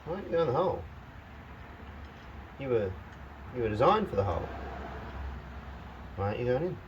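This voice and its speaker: Fixing his truck in the garage, this channel host narrates his thoughts and addresses the parts directly, grumbling wryly and teasing himself often. His mid-range voice is very animated and slightly fast, and the lo-fi recording carries background noise.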